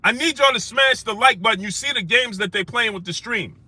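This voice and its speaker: In a dry recording, a high-pitched man speaks fairly quickly while hosting a live stream. He gives viewers shout-outs by name and repeats phrases to drive points home, escalating into furious outrage.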